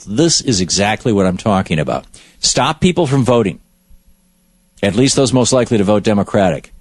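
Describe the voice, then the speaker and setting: A man's voice: on the low side, no room sound. A man hosting a talk show who delivers political commentary in an emphatic, storytelling way. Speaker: radio talk show host.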